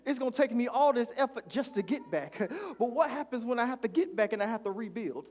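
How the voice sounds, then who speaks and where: This pastor's sermon comes in a very high voice, brisk and with hardly any pauses. He calls on the congregation to respond, ranging from hushed phrases to shouting.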